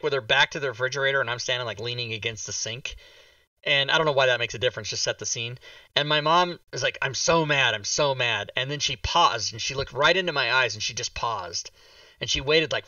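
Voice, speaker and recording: A man hosting a casual talk show stream, telling stories in a lively, joking way. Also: mid-range voice, no echo, recorded from a distance, highs cut off. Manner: storytelling, animated, jokey. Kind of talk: casual livestream chat.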